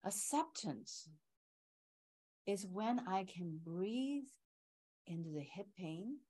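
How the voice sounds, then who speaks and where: Slow-paced woman teaching qigong. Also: mid-range voice, animated, dark tone, husky, rough recording. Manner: explains slowly, often checks in with "right?" and "okay". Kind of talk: teaching an online class.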